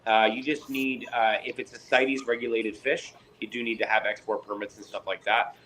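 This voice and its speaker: Animated Canadian man telling stories. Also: mid-range voice, moderate pace, a little hiss or hum, poor audio. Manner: animated storyteller, acts out both sides of conversations. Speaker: fish keeper on a live chat. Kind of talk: casual chat.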